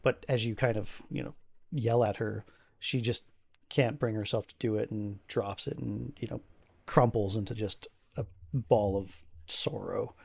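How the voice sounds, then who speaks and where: A man narrates a tabletop game as its game master, in a casual and halting way. His delivery is full of fillers and small restarts. His voice is gravelly, and it sounds close and dry. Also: lowish voice, steady tone, a little mellow, no room sound. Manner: casual, halting, many fillers, laughs often.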